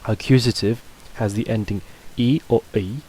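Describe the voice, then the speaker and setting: A man's voice: fairly low pitch, steady tone, normal speed, darkish tone, breathy edge, poor audio. A man teaching a casual video lesson, talking loosely with fillers and restarts. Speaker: language teacher.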